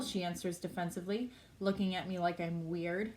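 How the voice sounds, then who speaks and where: A woman's voice: fairly low pitch, fairly quick, darkish tone. A woman reading a novel aloud in a plain, unpolished way, with small slips she corrects as she goes. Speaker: reader.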